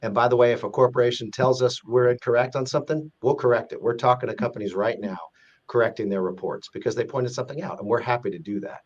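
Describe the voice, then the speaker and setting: A man, a guest being interviewed, explaining his points in an earnest, measured way with frequent restarts. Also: mid-range voice, fairly even intonation, muffled recording. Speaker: guest, president of an advocacy group. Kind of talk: podcast interview.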